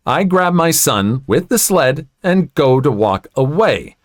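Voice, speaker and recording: A man narrates online stories aloud, his pitch moving in lively swings around a mid range. He adds sympathetic comments between readings. The recording is close and dry. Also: takes it slowly, hardly any pauses, no room sound. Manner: expressive, sympathetic asides. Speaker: story narrator.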